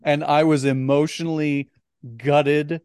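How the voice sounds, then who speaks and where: List: man, podcast co-host, casual film chat, animated, smooth resonant voice, dry close sound. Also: on the high side, a little slow, no room sound. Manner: chatty, animated, restarts words often.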